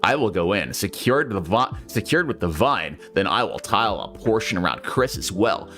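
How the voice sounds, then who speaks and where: A man voicing a solemn, long-winded male mage creature in a comic read-along, speaking in slow, measured, formal lines. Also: lowish voice, sing-song, fairly bright tone, soft background music.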